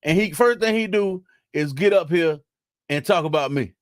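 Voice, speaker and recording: A man's voice: a little high, moderate pace, no echo, clean studio sound. A young man chatting casually on a live stream, laughing and teasing in slangy talk.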